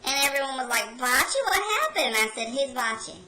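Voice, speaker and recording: A woman's voice: high-pitched, animated, brisk, sharp tone, rough recording. A woman playing a brash, rebellious carnival worker, telling a rambling folksy story as a comedy character monologue.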